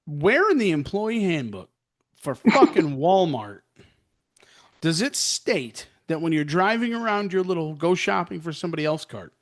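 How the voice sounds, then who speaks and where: A man's voice: a little high, sing-song, normal speed. A middle-aged man co-hosting a podcast, complaining sarcastically with lots of profanity. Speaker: podcast co-host. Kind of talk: casual chat.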